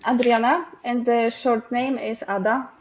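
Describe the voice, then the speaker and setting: A woman's voice: on the high side, steady tone, unhurried. Hesitant Polish-accented woman on a call. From Poland. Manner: hesitant, short answers, laughs shyly. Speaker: language student. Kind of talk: online trial lesson. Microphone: video call.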